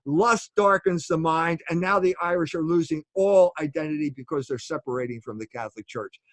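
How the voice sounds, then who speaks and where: A man with a high-pitched voice lectures with force, throwing out rhetorical questions and pressing his point with a repeated "okay?". The sound is dry and close, with no room echo. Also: a little fast. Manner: emphatic, asks rhetorical questions, says "okay?" often. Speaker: guest author. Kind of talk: lecturing interview answer.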